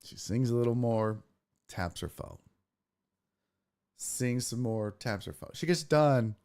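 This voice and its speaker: A man hosting a podcast, telling a comedic story in a profane, animated way and acting out what he said. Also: mid-range voice, takes it slowly, clear, resonant tone. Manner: profane, animated, acts out his own quotes. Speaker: podcast host.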